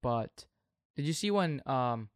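A man's voice: mid-range voice, animated, takes it slowly, clear, resonant tone, no echo, clean studio sound. A young man co-hosting a casual sports betting chat, steering topics and reading out scores and odds. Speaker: sports podcast co-host.

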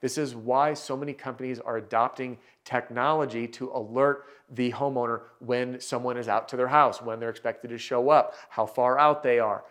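Brief: male sales trainer, mid-pitched, energetic and emphatic, talking straight to camera. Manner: energetic, emphatic, coaching the viewer directly. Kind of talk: instructional coaching talk to camera.

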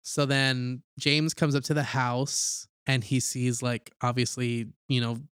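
A man chatting through a movie recap with loose, rambling energy, peppering every phrase with filler. His voice sits at an ordinary middle pitch. The recording is dry and close, with no room sound. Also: flat delivery, measured pace, fairly bright tone, smooth, dry recording. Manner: rambling retelling, heavy use of "like", acts out characters' lines. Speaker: podcast co-host. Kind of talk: casual movie recap chat.

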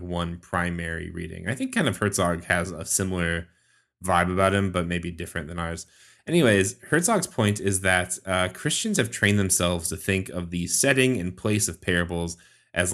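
A man's voice: low voice, fairly bright tone. A man co-hosting a podcast as a scholar of religion, wry and musing in casual chat with many fillers.

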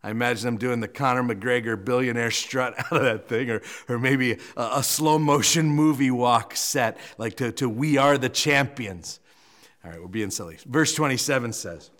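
A male pastor preaching a sermon, animated and joking as he retells a scripture story, with frequent restarts. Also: mid-range voice, moderate pace.

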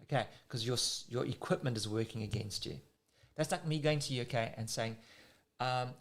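A South African surf coach explains technique in casual talk, using everyday comparisons and getting excited. His voice is medium-pitched, at normal speed.

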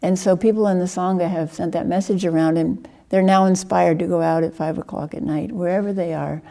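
A woman teacher giving a dharma talk with a fairly low, mellow voice. She speaks gently and earnestly, at a measured pace, leaning on words for emphasis. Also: steady tone, creaky. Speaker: Buddhist teacher.

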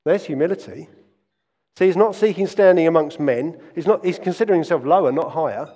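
A man preaching a sermon and storytelling with earnest conviction. His voice sits slightly high and often doubles back on phrases. A long church-hall reverb trails his words. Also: a little fast, mellow. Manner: earnest storytelling with frequent restarts. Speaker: pastor.

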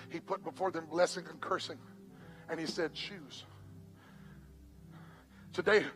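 Emphatic high-voiced male pastor. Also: pushed and bright, rough recording. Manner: emphatic, storytelling. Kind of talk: sermon. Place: church.

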